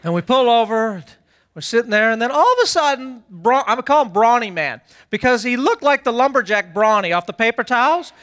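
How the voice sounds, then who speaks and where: A male pastor spins a funny story from the pulpit, poking fun at himself. His voice sits unusually high. It is bright and forward. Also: animated, brisk. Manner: self-deprecating comic storytelling. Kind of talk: humorous sermon storytelling.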